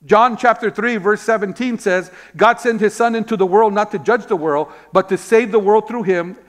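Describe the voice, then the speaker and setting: A man's voice: sits high, moderate pace. A man preaching a sermon as pastor, telling stories, asking rhetorical questions and calling out amen. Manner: repeats words when searching for them.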